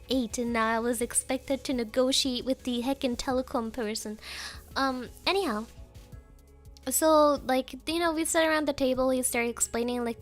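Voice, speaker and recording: Woman streamer, high voice, chatty, giggly, drops Japanese fillers; faint music bed. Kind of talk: casual chat with viewers.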